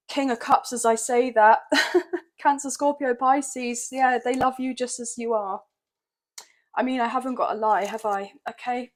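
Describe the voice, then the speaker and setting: A woman's voice: a little high, a little hiss or hum. A woman doing a tarot reading, chatty and emotional, often checking in with her viewers. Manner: gentle, chatty, emotional, often saying "okay, guys". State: a bit croaky. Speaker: tarot reader.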